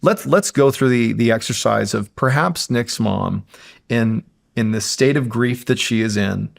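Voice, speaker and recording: Gravelly-voiced man telling a scary story. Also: medium pitch, unhurried. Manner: suspenseful, builds tension, frequent "like". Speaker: podcast guest storyteller. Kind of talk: casual spoken storytelling.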